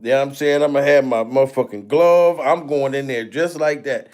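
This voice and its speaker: A man hosting a livestream, chatting casually, laughing often, swearing freely and shouting out donors. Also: mid-range voice, fairly quick. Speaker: livestream host.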